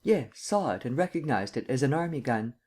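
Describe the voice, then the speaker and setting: A man's voice: medium pitch, lively intonation, brisk, darkish tone, lightly acted. A man voicing a stern district attorney who questions in a level, cold, formal way. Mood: cold, probing.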